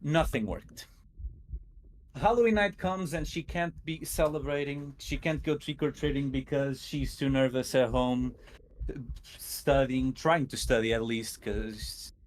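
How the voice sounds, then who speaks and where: A nervous man telling a spooky story on a stream, stuttering and halting often. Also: fairly high pitch, rough recording. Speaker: guest storyteller.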